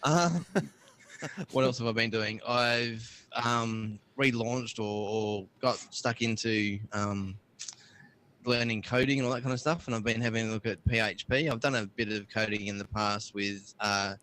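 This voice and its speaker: A man's voice: mid-range voice, steady tone, unhurried, bright, forceful tone, slight background noise. A young man co-hosting a tech podcast, easygoing and full of fillers, reading dates out carefully. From Australia. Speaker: podcast co-host. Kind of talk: casual chat, reading notes.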